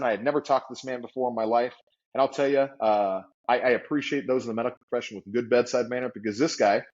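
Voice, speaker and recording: Animated male storyteller, lo-fi. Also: mid-range voice. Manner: animated, vivid storyteller acting out quotes. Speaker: guest entrepreneur. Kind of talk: storytelling in an interview. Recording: slightly dull lo-fi audio.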